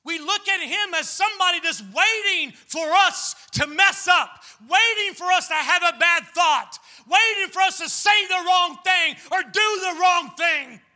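A male pastor delivers a fervent sermon. His voice sits very high and rings sharp and bright. He climbs into shouted peaks as he presses his point. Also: a little slow, hardly any pauses. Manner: fervent preaching, rising to shouts.

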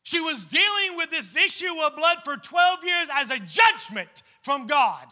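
A male pastor delivers a fervent sermon. His voice sits very high and rings sharp and bright. He climbs into shouted peaks as he presses his point. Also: sing-song, measured pace. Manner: fervent preaching, rising to shouts.

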